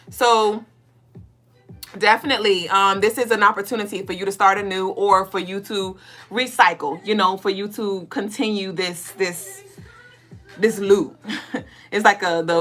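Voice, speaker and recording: A woman's voice: mid-range voice, a bit bright. A middle-aged woman, co-hosting a spiritual podcast and giving a blunt, profane pep talk during a tarot reading. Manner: profane, preachy, playful, acts out listeners in mock voices.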